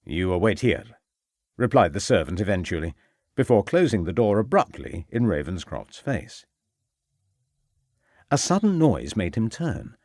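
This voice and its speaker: Brief: male audiobook narrator, low voice, lively intonation, dry close mic. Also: moderate pace, long pauses, no echo.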